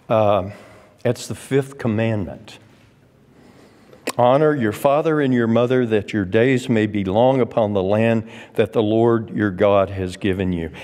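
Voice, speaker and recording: A man's voice: on the low side, darkish tone. A man teaching a Sunday school Bible class, emphatic, repeating his points and quoting scripture. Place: church classroom. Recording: long church reverb.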